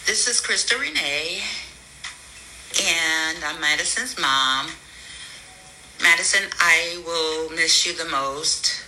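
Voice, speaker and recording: A low-pitched woman speaking slowly and earnestly, working to hold back tears as she talks. Her voice is bright and clear over faint background noise. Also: poor audio. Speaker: mother giving a farewell message. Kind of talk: heartfelt recorded message.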